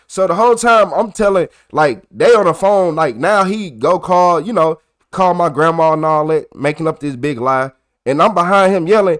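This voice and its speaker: A young man telling a story to his live chat in a casual, profane way, getting loud and worked up as he retells it. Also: high voice, expressive, normal speed. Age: young adult. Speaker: livestreamer.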